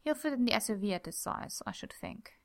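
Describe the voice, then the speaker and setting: A woman reading a story, voicing a polite, wary young man who speaks in a dry, measured, understated way. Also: fairly high pitch, big pitch swings, no room sound.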